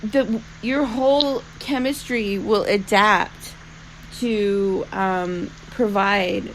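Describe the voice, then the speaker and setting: Woman co-host, casual chat, hesitant and rambling, gravelly voice, noisy background. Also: medium pitch, steady tone, very slow. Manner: hesitant, rambling with many restarts. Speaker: podcast co-host. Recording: noisy room ambience.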